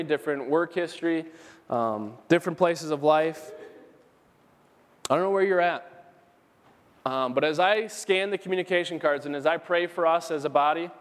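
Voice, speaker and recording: A man pastor preaching an earnest, emphatic sermon in a church, repeating key phrases for emphasis. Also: a little high. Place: church sanctuary. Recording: long hall reverb.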